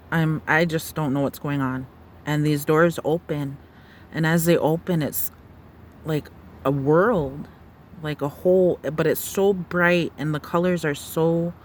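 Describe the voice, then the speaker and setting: A woman retelling a dream in a halting, searching way, with many fillers and restarts. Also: sits low, slight background noise. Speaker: storyteller. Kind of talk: personal testimony of a dream.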